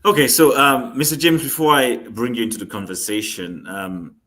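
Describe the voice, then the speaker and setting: A man's voice: mid-range voice, fairly even intonation, normal speed, pushed and bright. A man hosting a panel talk show, moderating with many ums and conciliatory asides. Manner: hesitant, full of ums, conciliatory.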